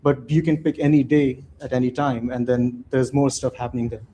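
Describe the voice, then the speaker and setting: A man's voice: medium pitch, little pitch movement, brisk, mellow, a little hiss or hum. Man giving a loose conference talk. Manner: loose, conversational, with many "right?" tags and restarts. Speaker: conference speaker. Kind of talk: live conference talk with slides.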